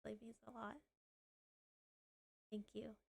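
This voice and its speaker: A woman's voice: fairly high pitch, level tone, normal speed, vocal fry, darkish tone. A woman streaming live, chatting casually, giggling, swearing and teary as she thanks her viewers.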